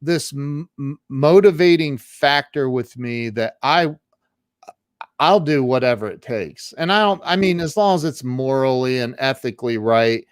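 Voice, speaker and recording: A man's voice: mid-range voice, expressive, measured pace, clean tone, no room sound, studio quality. A man who works as a social media marketing coach, talking as a guest in a casual interview. He speaks in an earnest, emphatic way and often restarts his sentences.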